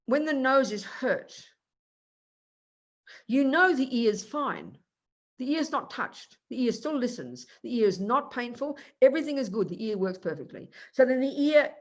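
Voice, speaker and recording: An older woman gives a Buddhist teaching in an emphatic, animated way. She argues point by point and slips into quick acted-out exchanges to make her case. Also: fairly high pitch. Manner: animated, emphatic, acts out little dialogues. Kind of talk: dharma teaching.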